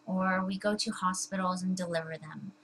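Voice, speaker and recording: A woman's voice: on the low side, steady tone, normal speed, a bit bright, slight background noise, poor audio. A young woman talking casually to the camera at home, chatty and full of fillers and restarts. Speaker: vlogger.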